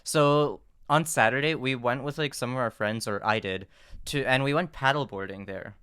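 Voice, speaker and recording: A man's voice: mid-range voice, moderate pace, sharp tone, clear, resonant tone. Young man telling a story with laughs. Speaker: podcast co-host. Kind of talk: casual chat.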